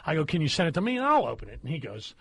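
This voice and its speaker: A man's voice: fairly high pitch, wildly swooping pitch, racing, creaky. A man hosting a podcast, telling a crude story with plenty of laughter in casual chat. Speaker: podcast host.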